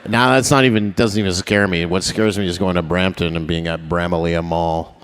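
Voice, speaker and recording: Pitched low and steady in tone, this young comic speaks a little fast with a somewhat bright sound, against slight background noise. He's brazen and profane on a live stage, interacting with the crowd and laughing at his own gags.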